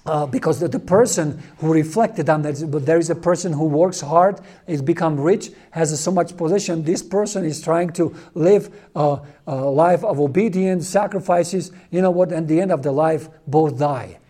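Earnest man with a mellow voice. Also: a little high. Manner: earnest, halting, with many fillers and restarts. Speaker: lay Catholic speaker. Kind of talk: informal religious talk.

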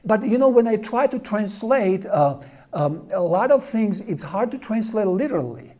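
Guy teaching a class, kinda high voice, tells stories and laughs a lot. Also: normal speed. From Czechoslovakia. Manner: animated, laughs while telling stories. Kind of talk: storytelling lecture.

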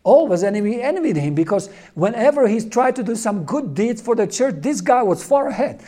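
Earnest man with a mellow voice. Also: very high voice, big pitch swings. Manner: earnest, halting, with many fillers and restarts. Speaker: lay Catholic speaker. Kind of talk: informal religious talk.

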